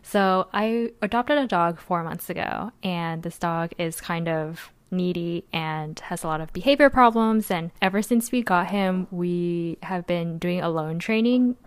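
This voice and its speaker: A woman's voice: fairly low pitch, a little slow, few pauses, clear, resonant tone, dry recording. Young woman rambling through a story on a podcast, lots of "like", dry close sound. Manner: chatty, rambling, many "like"s, laughs often. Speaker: podcast co-host. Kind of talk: casual storytelling chat.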